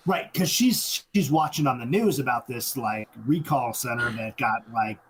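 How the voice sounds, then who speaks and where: A man co-hosting a podcast, explaining movie details in halting bursts with many restarts. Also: mid-range voice, poor audio. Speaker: podcast co-host. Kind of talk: casual movie discussion.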